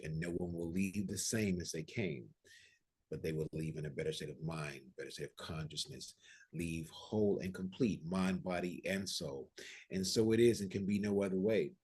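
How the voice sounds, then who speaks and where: A man with a very low, deep voice speaks as a spiritual teacher over a video call. His tone is husky, and he leads prayers and breathing exercises with calm, unhurried, gently instructive delivery.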